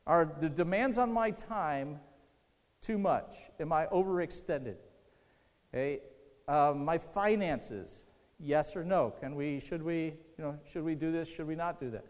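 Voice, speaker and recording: A man with a fairly high voice preaches in a casual, conversational way, repeating key lines and putting questions to his congregation. His voice rings out with a long hall reverb, as in a church sanctuary. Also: moderate pace, a little mellow. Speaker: pastor. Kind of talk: sermon.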